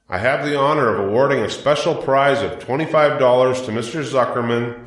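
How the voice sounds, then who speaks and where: A man voicing a pompous male loudspeaker announcer at a county fair, speaking in a grand, drawn-out way. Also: mid-range voice, roomy sound, pitched above the performer's own voice, natural voice, low-quality recording.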